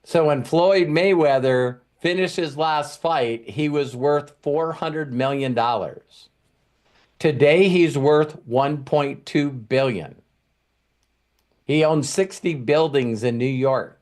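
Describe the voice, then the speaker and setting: A man's voice: fairly high pitch, takes it slowly, a little mellow. A middle-aged man hosting a podcast, telling a long story in casual, profane chat. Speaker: podcast host.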